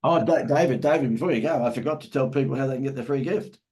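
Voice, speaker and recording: A man's voice: mid-range voice, fast talker, darkish tone, poor audio. A man, a marketing expert talking as an interview guest in a salesy, emphatic way that repeats phrases. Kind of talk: casual interview talk.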